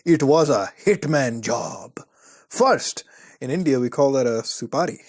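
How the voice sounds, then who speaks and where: A man voicing a hitman who tells his own backstory in a vague, put-on accent and a lowered, solemn tone. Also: lively intonation, unhurried, darkish tone. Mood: mock solemn.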